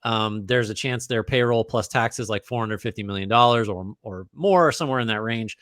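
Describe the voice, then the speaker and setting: A man's voice: lowish voice, normal speed, fairly bright tone, dry recording, studio quality. A man co-hosting a casual basketball podcast, thinking aloud with frequent restarts and fillers. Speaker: podcast co-host. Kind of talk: casual basketball analysis chat.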